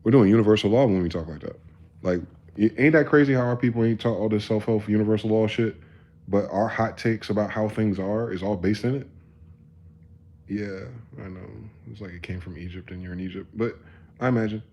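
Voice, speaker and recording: A man's voice: on the low side, fairly quick, dull audio. Rambling profane man on a livestream. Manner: rambling and profane, drifting from quiet musing to loud ranting. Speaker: live-stream host. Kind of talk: casual live-stream monologue.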